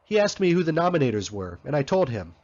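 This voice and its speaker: A man's voice: a little high, very animated, fast, darkish tone, voice pushed up. A man doing a weary canvasser. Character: weary young male canvasser. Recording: slightly muffled recording.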